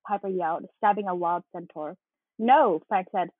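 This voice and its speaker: Casting: husky-voiced woman co-host, reads aloud animatedly, phone-thin dry audio. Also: on the low side, normal speed, dry recording. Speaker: podcast co-host. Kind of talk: casual chat and reading aloud. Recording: tinny phone-like line.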